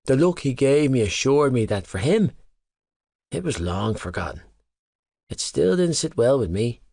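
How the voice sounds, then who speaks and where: A man narrating an audiobook in the first person at a middling pitch. His storytelling is even and measured. The recording is dry and close in a studio. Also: gravelly, no room sound.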